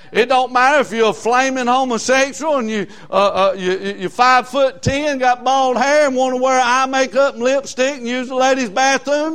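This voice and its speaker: Older Southern US preacher from South Carolina, raised-pitch voice, fiery and folksy delivery. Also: male voice, moderate pace, few pauses, fairly bright tone, clear, resonant tone. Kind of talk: sermon.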